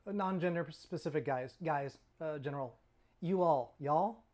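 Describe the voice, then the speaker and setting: Fairly high in pitch and a bit mellow, this man speaks at a moderate pace. A middle-aged Californian, he hosts a casual cooking channel full of chatty tangents and self-deprecating humor, sometimes eating as he talks.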